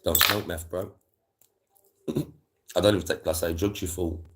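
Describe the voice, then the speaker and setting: A man's voice: sits low, steady tone, normal speed, fairly bright tone, a little hiss or hum. A man, chatting casually on a live stream and telling rambling stories full of slang and swearing.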